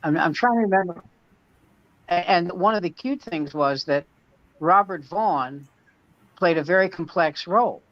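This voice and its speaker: His voice sits high at a normal speed, broken by long pauses, with no room sound in a dull, dry lo-fi recording. The man, a comedian and podcast co-host, rambles through anecdotes in a casual conversation.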